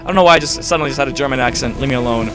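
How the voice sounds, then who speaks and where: A man's voice: medium pitch, racing. A man giving rambling, joking commentary over a game and swearing often. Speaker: gameplay commentator. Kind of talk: casual let's-play commentary. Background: game music.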